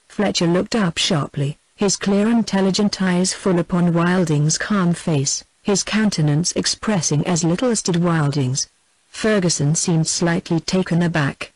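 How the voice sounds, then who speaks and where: A narrator reading a historical novel aloud in an even, measured way. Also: medium pitch, no room sound, poor audio. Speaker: audiobook narrator.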